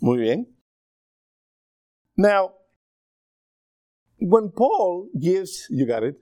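A man's voice: sits high, sing-song, drawn-out words, mellow, dry recording, clean studio sound. A middle-aged man with a Spanish accent, a native Spanish speaker, preaching a sermon in a conversational way and often checking in with his listeners.

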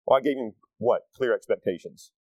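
A man's voice: mid-range voice, fairly quick, no room sound, rough recording. A middle-aged man, preaching a conversational sermon with folksy asides to the congregation. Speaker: pastor.

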